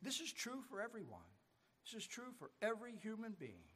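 High-voiced preacher in a reverberant church. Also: male voice, wildly swooping pitch, a little fast, a bit bright, husky. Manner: storytelling preacher, rising and falling emphasis. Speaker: pastor. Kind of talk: sermon. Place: church sanctuary. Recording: church sanctuary with long reverb.

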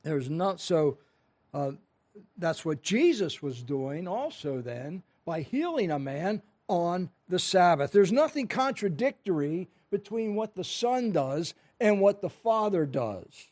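Male pastor, high voice, earnest and emphatic sermon delivery. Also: sing-song, slow pace, darkish tone. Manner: earnest, emphatic preaching with scripture reading.

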